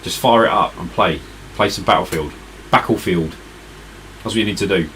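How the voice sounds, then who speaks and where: A man's voice: low voice, normal speed, fairly bright tone, a little hiss or hum, poor audio. A tired man streaming retro games, chatting casually and rambling to his viewers. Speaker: retro gaming live streamer. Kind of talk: casual live-stream chat.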